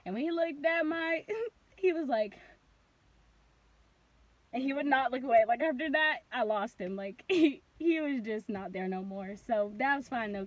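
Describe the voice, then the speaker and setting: Young woman, high voice, rambly storytime vlog, says like a lot, acts stuff out loud. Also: no room sound. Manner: rambling, heavy on "like", reenacts moments with sudden loud cries. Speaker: vlogger.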